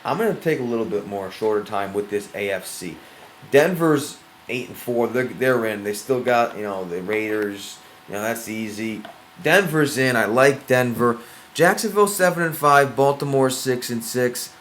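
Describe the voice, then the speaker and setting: A man's voice: medium pitch, lively intonation, moderate pace, fairly bright tone, slight background noise. A man co-hosting a casual sports show, teasing his partner and ranting in mock outrage. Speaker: sports podcast co-host.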